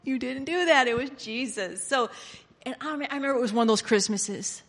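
A woman preaching a sermon, switching from hushed, confiding lines to loud, excited outbursts. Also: sits high, brisk. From Pennsylvania. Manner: animated, swinging from hushed to loud exclamations. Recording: long hall reverb.

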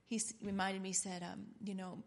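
A middle-aged woman giving a rambling, earnest, informal sermon that builds to loud, impassioned preaching. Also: mid-range voice, little pitch movement, normal speed, vocal fry.

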